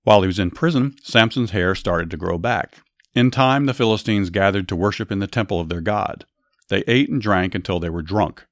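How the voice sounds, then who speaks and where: A man hosting a podcast, narrating a Bible story and giving commentary in a measured, earnest reading. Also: low-pitched, no echo, clean studio sound.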